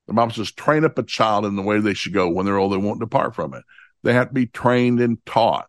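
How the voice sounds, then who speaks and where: A man with a drawl gives a plain, homespun Bible lesson, saying each verse reference twice before reading it slowly. His voice sits on the low side and is recorded close and dry, with no room sound. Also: lively intonation, no echo. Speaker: preacher. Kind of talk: folksy Bible teaching.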